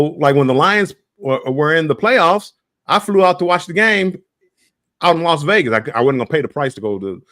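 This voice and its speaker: A man's voice: on the high side, fairly bright tone, no room sound, studio quality. An American man telling travel stories in a casual livestream chat, often repeating his words as he starts. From United States. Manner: halting, repeats words, chuckling storyteller. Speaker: guest.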